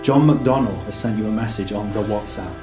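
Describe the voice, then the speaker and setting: A man hosting a live comedy quiz, playful and deadpan, laughing as he reads the questions. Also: on the low side, brisk. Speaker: comedy podcast host running a quiz. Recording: echoey venue with loud music.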